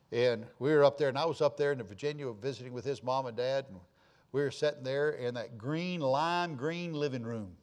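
Pastor preaching a sermon. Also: male voice, medium pitch. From Florida. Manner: storytelling, swings from hushed to loud emphatic.

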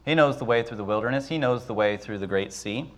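A man preaching a sermon who acts out the voices of the people and Moses, with dramatic rises and drops. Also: mid-range voice. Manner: dramatic, acts out Israelites and Moses in quick asides.

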